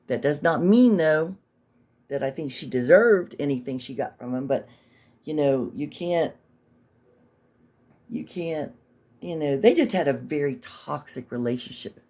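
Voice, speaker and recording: A woman's voice: low voice, darkish tone. A woman hosting a casual commentary, talking in a sarcastic, judgmental way. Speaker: commentary host.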